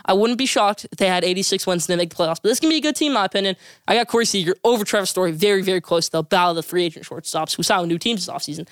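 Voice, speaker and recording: Rapid-fire emphatic sports podcast host. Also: medium pitch, clear, resonant tone, no echo, clean studio sound. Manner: emphatic, forceful predictions. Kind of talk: opinionated sports talk segments.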